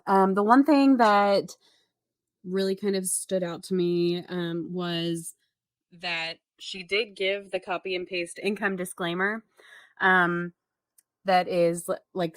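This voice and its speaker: A woman's voice: mid-range voice, a bit bright, no room sound. Chatty woman hosting commentary. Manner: chatty, wry, many fillers. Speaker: commentary channel host. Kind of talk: casual commentary.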